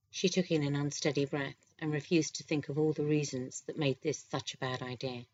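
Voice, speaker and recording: Casting: woman audiobook narrator, low voice, calm steady read, slightly dull lo-fi recording. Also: normal speed, few pauses, slight background noise. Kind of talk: scripted narration.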